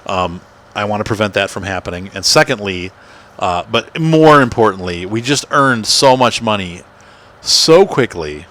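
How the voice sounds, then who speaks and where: A man's voice: on the low side, a bit bright. A man chatting casually as he plays and hosts his gaming channel, rambling and poking fun at himself. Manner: chatty, rambling, self-deprecating. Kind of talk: casual gameplay commentary. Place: home room. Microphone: desk microphone.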